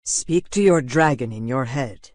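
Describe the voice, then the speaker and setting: A man voicing a calm, patient male mentor in an audiobook, speaking slowly and gently. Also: medium pitch, no echo, clean studio sound, natural voice. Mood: coaxing.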